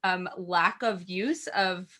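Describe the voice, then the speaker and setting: A woman with a Southern Californian accent, co-hosting a casual chat and talking in a chatty, giggly way with drawn-out pauses. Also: on the low side, pushed and bright. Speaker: co-host.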